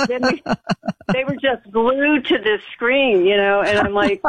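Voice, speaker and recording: A woman's voice: on the high side, slow pace. An American woman, a guest, recounting a personal story in conversation, emphatic and rambling with frequent restarts. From United States. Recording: tinny phone-line audio.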